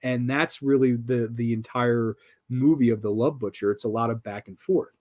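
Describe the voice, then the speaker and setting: A man's voice: medium pitch, fairly even intonation, moderate pace, a little mellow. A man hosting a horror film review show, talking casually and enthusiastically, with casual swearing and lots of restarts.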